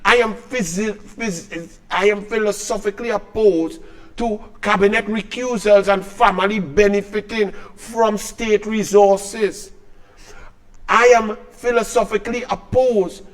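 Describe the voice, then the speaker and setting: A man's voice: sits high, steady tone, a little slow. A man with a Trinidadian accent delivering a scornful, combative political commentary rant.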